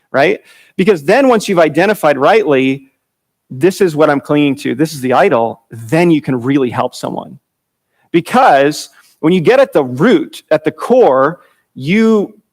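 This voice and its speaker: A man preaching a conversational Bible teaching, informal, with fillers, restarts and chuckles. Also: on the high side.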